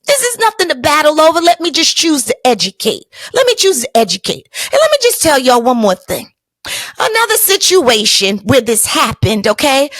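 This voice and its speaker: A woman hosts a motivational podcast and tells her own story with a high, lively voice that climbs and drops a lot. She talks in an emphatic, colloquial way and speaks straight to her listeners. The sound is dry and close. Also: dry recording. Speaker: podcast host.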